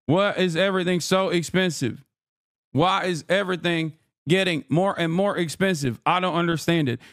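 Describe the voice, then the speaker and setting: A man's voice: high voice, normal speed, no echo, clean studio sound. A man voicing a mocking caricature of a dim, aggressive male voter who loves tariffs, in a dopey, slurred way.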